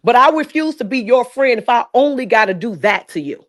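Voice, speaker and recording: A woman giving her opinions on a live stream discussion, making emphatic, repetitive points at a deliberate pace. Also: a little high, animated, fairly bright tone. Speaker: guest commentator.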